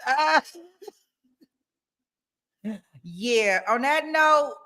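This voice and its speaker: Woman streamer, playful and chatty, higher bright voice, casual live chat at her desk. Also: animated, very slow. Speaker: livestream host. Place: home desk.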